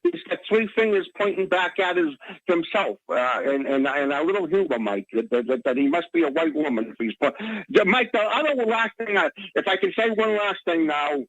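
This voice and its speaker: A male caller rambles through a radio call-in, stumbling over words and restarting sentences again and again. His voice sits high and swings widely in pitch. The line is dry and muffled, like a lo-fi phone. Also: expressive, moderate pace, fairly bright tone, no echo. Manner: rambling, stammering, many restarts. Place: Boston area.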